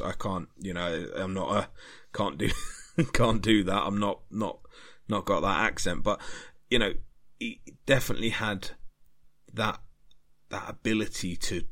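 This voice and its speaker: A man hosting a history podcast, talking in an earnest, rambling way that grows more animated. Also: low voice. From Britain. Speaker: podcast host.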